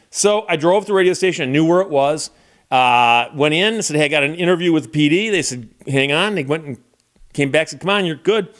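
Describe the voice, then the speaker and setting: A man's voice: on the high side, fairly quick, fairly bright tone. A man hosting his channel, telling a personal story in a casual, conversational way and acting out the voices he quotes. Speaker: channel host.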